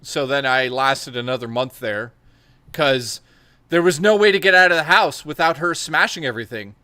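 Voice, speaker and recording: In a casual chat, a young man tells crude, animated stories full of swearing and laughter. His voice is medium-pitched at a moderate pace, with no room sound.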